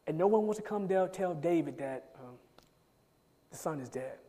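High-voiced preacher with an emphatic, stop-start delivery. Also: male voice, animated, normal speed, warm tone. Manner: emphatic, repeats words in bursts. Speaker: pastor. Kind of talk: sermon. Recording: long reverb of a large hall.

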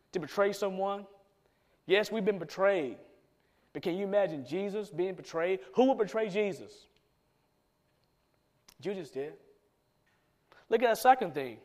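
A man with a high voice preaches a sermon. He tells the story with animated energy and acts out the quoted lines in different voices.

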